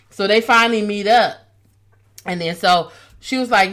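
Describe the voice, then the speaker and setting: Give me a woman co-hosting a casual podcast, chatty and animated as she tells a story. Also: mid-range voice, normal speed, long pauses. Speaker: podcast co-host. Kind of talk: casual chat.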